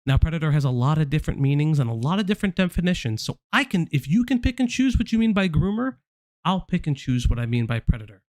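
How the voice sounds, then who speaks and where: A man's voice: a little high, very animated, fast talker, a little mellow, dry recording, clean studio sound. A man hosting a commentary stream, lecturing in a heated, profane way. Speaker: stream host.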